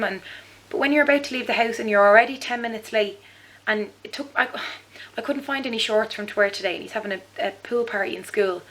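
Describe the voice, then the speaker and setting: A woman's voice: medium pitch, fairly bright tone, low-quality recording. A woman, a mother, chatting in a rambling video diary with lots of fillers. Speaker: mother vlogger.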